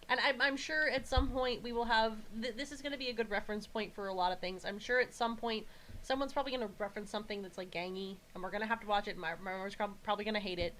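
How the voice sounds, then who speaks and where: A woman co-hosting a casual podcast chat, rambling quickly and laughing often. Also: mid-range voice, fairly bright tone, a little hiss or hum, low-quality recording. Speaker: podcast co-host.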